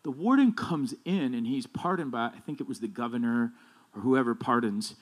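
With an animated voice and moderate pace, a male pastor preaches in a relaxed, chatty way full of asides and restarts. His delivery rises in volume and pitch, turning emphatic when he drives home key points.

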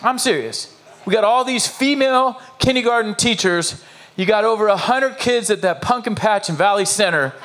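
A male pastor preaches in a fairly high voice. He is emphatic and animated, circling back on his phrases and throwing questions out to his listeners. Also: normal speed, a little hiss or hum. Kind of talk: sermon.

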